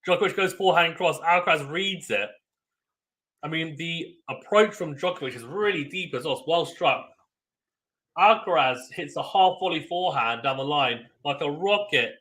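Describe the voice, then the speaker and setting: A young man hosting a live tennis watchalong, giving excitable play-by-play with sudden bursts of loud surprise and chatting with viewers. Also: a little high, normal speed. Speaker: watchalong host.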